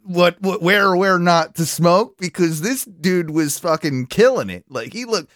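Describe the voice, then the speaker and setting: A man's voice: high-pitched, animated, a little slow, a bit bright, dry recording, clean studio sound. A man co-hosting a podcast in casual chat, rambling and filling his talk with "like" and repeats. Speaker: podcast co-host.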